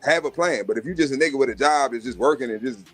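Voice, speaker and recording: Brash, profane man with husky voice. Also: mid-range voice, fast, faint music behind. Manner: brash, swaggering, profane, acts out other voices. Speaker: live stream host. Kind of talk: profane casual storytelling rant.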